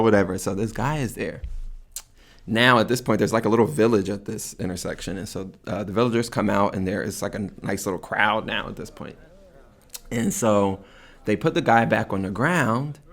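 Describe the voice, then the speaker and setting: A man telling a story casually, full of fillers, getting animated and jumping high when he quotes himself. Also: moderate pace. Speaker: community member telling a story.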